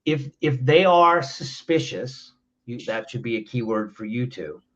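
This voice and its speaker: A man's voice: medium pitch, animated, a little slow, fairly bright tone, muffled recording, a little hiss or hum. A man speaking as a podcast guest, giving conversational advice in a plainspoken way and often restarting his phrases. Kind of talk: conversational advice on handling anger.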